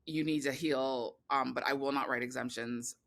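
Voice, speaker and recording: Woman on a podcast rambling thru her story, bright voice, lots of restarts and "like"s. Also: extremely low pitch, moderate pace, gravelly. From California. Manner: rambling, animated storytelling with many restarts and fillers. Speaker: podcast guest, filmmaker. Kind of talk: casual interview conversation.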